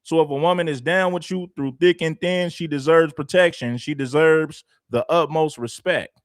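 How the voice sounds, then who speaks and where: A man's voice: fairly high pitch, moderate pace, no room sound, clean studio sound. A man hosting a reaction commentary show, talking in an emphatic, repetitive, chatty way.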